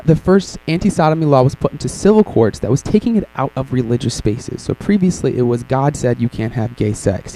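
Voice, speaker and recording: Gravelly-voiced man giving a casual presentation. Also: medium pitch, dark tone, poor audio. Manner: irreverent, joking asides with frequent ums. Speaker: workshop presenter. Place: conference session room.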